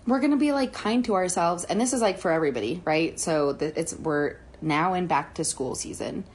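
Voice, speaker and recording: A woman's voice: on the low side, normal speed, darkish tone. A woman in her thirties co-hosting a podcast, talking candidly in casual chat, swearing and laughing often. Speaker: podcast co-host.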